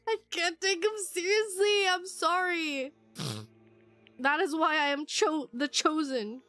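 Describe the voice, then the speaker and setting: High-voiced, animated woman streamer. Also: takes it slowly, soft background music. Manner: animated, giggly, talks back to the screen. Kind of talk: casual game commentary.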